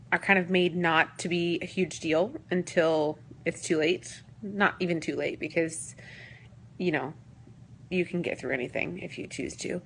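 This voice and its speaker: A woman's voice: fairly low pitch, fairly bright tone, slight background noise. A pregnant woman in her late twenties, talking on the verge of tears in a rambling, personal vlog full of fillers. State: teary. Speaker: vlogger.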